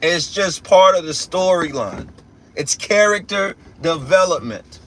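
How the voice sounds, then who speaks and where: A man's voice: high-pitched, animated, a little slow, fairly bright tone. A young man giving a casual spiritual rant as a religious teacher, emphatic and profane, repeating himself and restarting often.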